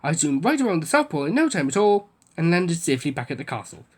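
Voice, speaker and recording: A man reading a children's picture book aloud, telling the story with lively delivery. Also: quick pace, breathy edge. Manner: lively storytelling, raising pitch for quoted speech. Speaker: book reader.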